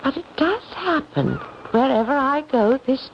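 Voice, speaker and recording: A woman's voice: high voice, big pitch swings, a little slow, heavily acted. An actress playing a frail, melancholy young woman in an old-time radio drama, speaking delicately. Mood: wistful. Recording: dull old radio recording with faint hiss.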